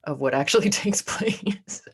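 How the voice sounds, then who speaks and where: A woman's voice: mid-range voice, animated, measured pace, husky. A woman co-hosting a podcast in casual chat, joking and laughing often as she talks. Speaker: podcast co-host.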